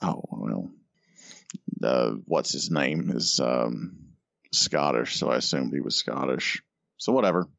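Deep-voiced, sardonic podcast co-host man. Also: expressive, measured pace, gravelly, fairly bright tone, no echo. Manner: profane, sardonic, exasperated griping. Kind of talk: casual chat.

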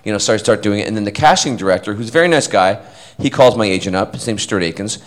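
A man with a lowish voice tells a casual story to a convention audience. His delivery is rambling and animated, and he breaks into quoted voices and laughs. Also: fast, low-quality recording. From Scotland. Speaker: actor telling a story to fans.

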